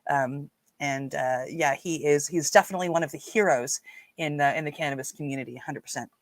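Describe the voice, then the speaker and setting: Reading viewers' comments aloud and chatting with them, a Newfoundland-accented woman hosts a casual livestream. She speaks low-pitched and brisk, with many fillers, and the recording is dry.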